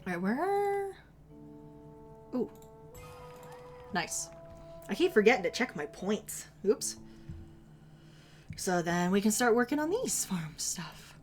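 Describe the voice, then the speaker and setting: A woman's voice: mid-range voice, sing-song, slow pace, long pauses, faint music behind. A young adult woman streaming, chatting casually with viewers in a giggly, chatty, self-deprecating way. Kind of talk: casual live-stream chat.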